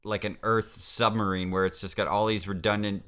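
A man with a bright, forceful voice co-hosting a laid-back book podcast. He mostly agrees and chimes in with dry, easygoing remarks. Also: fairly low pitch, level tone, normal speed, clear, resonant tone. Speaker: podcast co-host. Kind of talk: casual book discussion chat.

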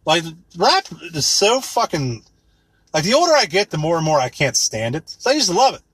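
A man in his thirties rants with sarcasm, swears freely and wanders from point to point. His voice is husky and slightly high, and it swings widely as he mocks. The recording is close and dry. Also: sing-song, normal speed, a bit bright, no room sound. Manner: rambling, sarcastic, swears a lot, mocks with put-on quotes. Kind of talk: profane comedic rant.

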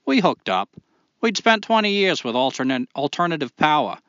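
A man's voice: fairly high pitch, very animated, moderate pace, a bit bright, dry recording, highs cut off. A man putting on a Maine accent. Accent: Maine, put on. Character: man reading a letter in a put-on Maine accent.

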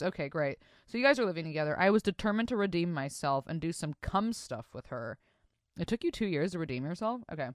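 A woman's voice: on the low side, very animated, fast talker, no echo, clean studio sound. Foul-mouthed woman hosting a podcast. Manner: crude, profane, swings into mock-disgusted reactions. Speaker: podcast host. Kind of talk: casual podcast chat reading listener stories.

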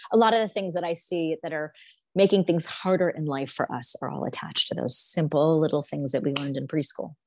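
A woman's voice: low-pitched, fairly even intonation, fairly quick, a little mellow, no echo, studio quality. A woman manifestation coach explaining her ideas with enthusiasm as a podcast guest. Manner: enthusiastic, explanatory, casual fillers. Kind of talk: podcast interview.

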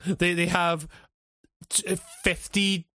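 A man's voice: sits high, flat delivery, slow, pushed and bright, no room sound. A British man chatting casually, often restarting his sentences and laughing easily. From Britain. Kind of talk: casual chat.

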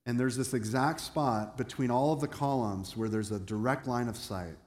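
In a hall with long, echoing reverb, a male pastor delivers a sermon conversationally and asks his congregation questions. He has a medium-pitched, darkish voice and speaks at a moderate pace.

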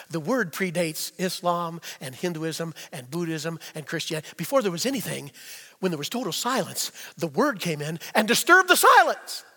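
A man pastor delivers a sermon in a very high, bright voice. He teaches in a folksy way, asking rhetorical questions. The sound carries a long hall reverb from the church.

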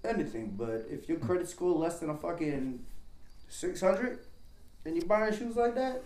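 A man's voice: on the high side, expressive, normal speed, darkish tone, reverberant, poor audio. A man talking as a podcast guest in casual banter, profane and rambling as he tells stories.

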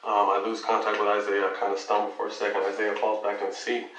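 A man's voice: fairly low pitch, fast, reverberant, far from the mic, heavy background noise. A man casually telling a long personal story, swearing freely and acting out the dialogue. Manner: profane, animated retelling with quoted dialogue. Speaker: guest telling his story.

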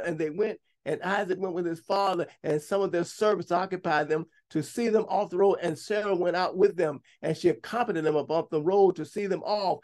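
A man's voice: brisk, hardly any pauses. A man preaching a sermon, reading scripture aloud and breaking off to comment and stress his points. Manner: bursts to high, loud emphasis at times.

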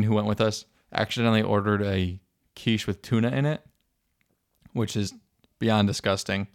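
A man's voice: lowish voice, dry recording, studio quality. A young American man co-hosting a podcast, telling stories in an enthusiastic, casual way. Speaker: podcast co-host. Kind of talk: casual chat.

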